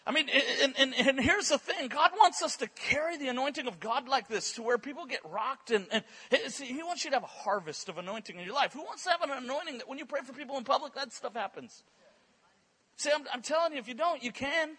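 Here a male guest preacher, very high-voiced, bright, and a bit husky, weaves stories into his sermon at a church service. He speaks with animated energy, stumbling on repeated words in fast bursts as the momentum builds.

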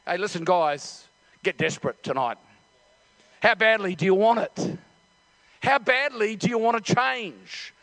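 A middle-aged man preaching a lively sermon. He tells the story with many restarts, acts out the voices and builds up to shouts. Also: high-pitched, a little slow, creaky, long pauses. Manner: animated storytelling, acting out voices. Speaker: pastor.

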